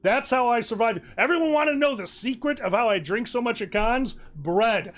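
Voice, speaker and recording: A man on a charity stream telling a convention story in casual chat, animated and laughing through his story. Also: extremely high pitch, normal speed.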